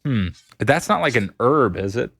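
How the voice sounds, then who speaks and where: A man's voice: medium pitch, very animated, moderate pace, creaky, a bit bright, slightly rough. Chatty man streaming a game. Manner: chatty, laughs often, talks to chat. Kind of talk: casual gameplay chat with chat readers.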